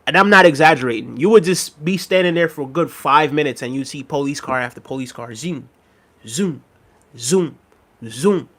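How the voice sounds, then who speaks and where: Young guy rambling on his stream, laughs a lot, voice a bit on the high side. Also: quick pace, few pauses. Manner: relaxed, rambling, laughs often. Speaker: livestream host. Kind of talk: casual chat reading viewer comments.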